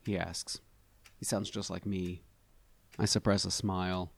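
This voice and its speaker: A man reading a first-person story aloud with a wry, expressive delivery. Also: deep voice, measured pace, creaky, no room sound. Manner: expressive, wry, animated inflections. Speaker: narrator.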